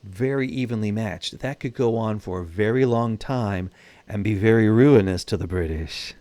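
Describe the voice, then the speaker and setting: A man's voice: lowish voice, a little fast, warm tone, no echo. Chatty man narrating a strategy game. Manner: chatty, wry, thinks aloud. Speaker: gaming channel host. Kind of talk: casual gameplay commentary.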